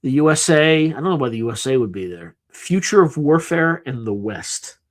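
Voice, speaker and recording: A man hosting a live stream, talking in a loose, thinking-aloud way. He sounds tired and yawns now and then, dropping dry, sarcastic asides as he reads. His voice sits at an ordinary middle pitch for a man. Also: expressive, moderate pace. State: tired, yawning. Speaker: livestream host. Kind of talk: casual live-stream commentary.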